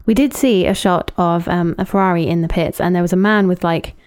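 A woman's voice: on the low side, fairly even intonation, a little fast, darkish tone, clear, resonant tone. A woman co-hosting a casual chat podcast, recapping events and reading out lists of names. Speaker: podcast co-host.

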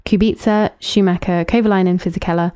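A woman's voice: lowish voice, fairly even intonation, brisk, mellow, clean tone. A woman co-hosting a casual chat podcast, recapping events and reading out lists of names. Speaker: podcast co-host.

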